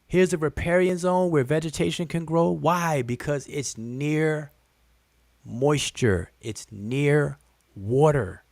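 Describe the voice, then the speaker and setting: A man's voice: fairly high pitch, takes it slowly, creaky, no echo, studio quality. A man hosting a live-stream lesson, talking straight to his viewers with lots of repetition and direct questions. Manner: animated, repetitive, calls out "look, look" to viewers; addresses the audience as "y'all" and "family". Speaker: host teaching on a live stream.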